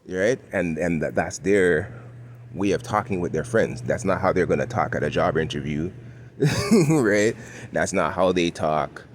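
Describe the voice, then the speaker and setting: A Canadian man with a Toronto accent vlogs while walking outdoors through the city, talking in a laid-back, chuckling monologue and often ending sentences with "right?". His voice is low-pitched and animated, a little slow, with slight background noise.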